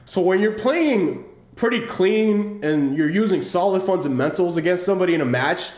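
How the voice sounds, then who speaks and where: Guy explaining his fighting game match, kinda high voice, echoey room, stops and restarts a lot. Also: expressive, darkish tone. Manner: explanatory, halting with restarts and fillers. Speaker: channel host analyzing his own match. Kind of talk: casual gameplay commentary over footage.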